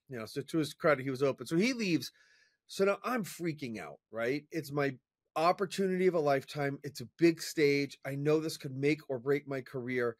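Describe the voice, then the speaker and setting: A man as an interview guest, telling a personal story in an energetic, chatty way with fillers and restarts. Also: on the high side, normal speed, no room sound, clean studio sound. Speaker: interview guest, professional speaker. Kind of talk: casual storytelling in conversation.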